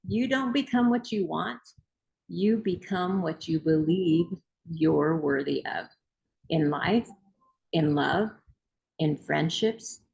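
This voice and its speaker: Gravelly-voiced woman hosting a book club. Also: low voice, a little mellow, low-quality recording. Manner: emphatic, repetitive and rousing. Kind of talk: reading aloud and motivational talk.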